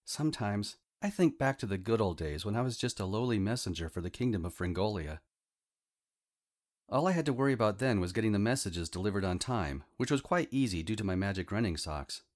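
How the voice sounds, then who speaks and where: Low, lively male audiobook narrator. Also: brisk. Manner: wry, humorous storytelling as a teenage wizard. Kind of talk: first-person scripted narration.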